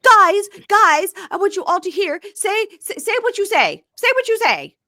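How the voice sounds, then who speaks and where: A woman voicing a hysterical woman yelling at her partner in a loud, shrieking, high voice. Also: very animated, moderate pace, heavily acted.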